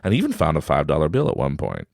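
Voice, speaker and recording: Racing through a family story, a Canadian podcast host in his thirties giggles and voices his son in a high pitch, keeping things casual and animated. His voice has vocal fry, and the studio-quality recording is dry.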